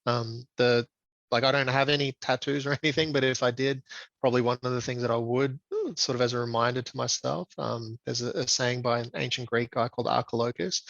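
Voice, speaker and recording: A man being interviewed as a guest, speaking in a reflective, measured way with frequent ums. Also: medium pitch, steady tone, creaky, fairly bright tone, no echo, muffled recording. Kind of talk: conversational interview.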